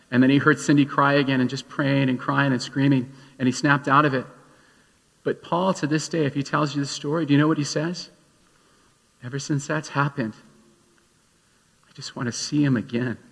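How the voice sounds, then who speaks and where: Husky pastor preaching in a reverberant hall. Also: male voice, medium pitch, a bit bright. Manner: storytelling, rising to emphatic exhortation. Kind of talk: sermon.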